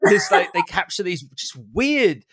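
A man's voice: sits high, very animated, a little slow, a bit bright, dry recording, studio quality. A man hosting a casual interview, playful and jokey, stumbling over words as he riffs. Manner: playful, jokey, stammers when riffing. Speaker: podcast host.

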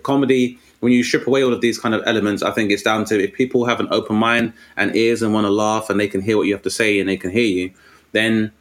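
A man's voice: fairly low pitch, fast talker. A man, a comedian talking articulately and animatedly in a casual conversation. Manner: articulate, animated storytelling with put-on voices.

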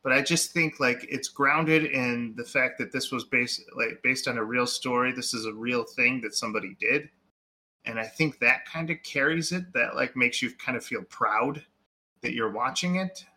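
A man's voice: mid-range voice, moderate pace, bright, forceful tone. A man co-hosting a podcast, chatting casually about movies, rambling and full of fillers. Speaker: podcast co-host.

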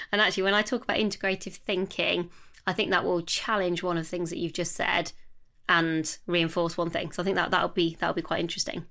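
A woman's voice: fairly low pitch, little pitch movement, brisk, vocal fry, pushed and bright. A woman in her thirties co-hosting a casual book chat, thinking aloud and restarting her sentences. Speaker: podcast co-host. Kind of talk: casual chat about books.

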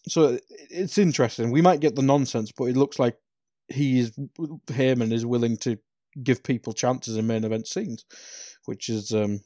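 A man's voice: mid-range voice, moderate pace, dark tone, no echo. Dry-voiced British man chatting casually. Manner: chatty, swears casually, laughs easily. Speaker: podcast co-host. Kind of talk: casual wrestling chat.

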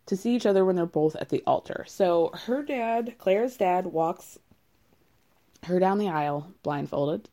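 A woman's voice: mid-range voice, dark tone. A woman casually recapping a reality show, candid and rambling, with frequent laughs.

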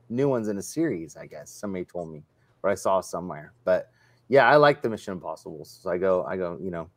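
A man's voice: mid-range voice, no echo. A man hosting a casual livestream, rambling and retelling stories in quoted dialogue. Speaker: livestream host. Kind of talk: casual chat.

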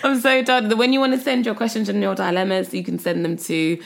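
A woman's voice: medium pitch, little pitch movement, brisk, vocal fry. A young woman, hosting a casual podcast chat and rambling with many fillers and restarts. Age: young adult. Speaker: podcast host.

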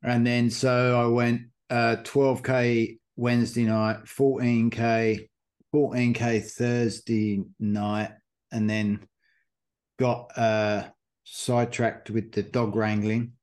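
Brief: podcast host, rambling, casual storyteller, average pitch. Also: male voice, flat delivery, slow pace, darkish tone. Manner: rambling storyteller with many fillers. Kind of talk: casual chat.

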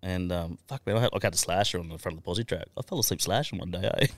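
Low-voiced swearing Australian man telling stories. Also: lively intonation, rapid-fire, no room sound, clean studio sound. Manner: swears constantly, laughs through his story. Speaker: podcast guest. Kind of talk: casual storytelling.

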